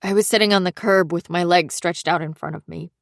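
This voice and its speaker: A woman narrating a thriller audiobook in the first person, in a measured, subdued reading. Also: lowish voice, steady tone, vocal fry, no room sound, clean studio sound.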